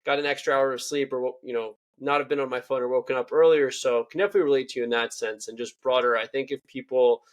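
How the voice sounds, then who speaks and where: Fast-talking young podcast host. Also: male voice, medium pitch, steady tone. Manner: chatty, rambling, lots of "you know". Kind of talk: casual interview talk.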